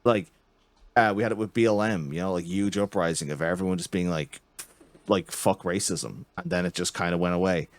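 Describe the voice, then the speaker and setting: A man's voice: deep voice, fairly even intonation, a little fast. A man hosting a casual political chat, talking in a heated, profane, ranting way. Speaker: podcast host.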